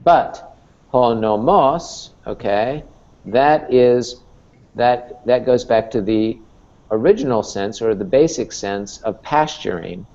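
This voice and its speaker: Male professor, slow deliberate lecturing, patient, dull lo-fi sound. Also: fairly low pitch, darkish tone. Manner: patient, explanatory, frequent "okay?" and "right?" checks. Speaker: Greek professor. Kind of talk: classroom lecture.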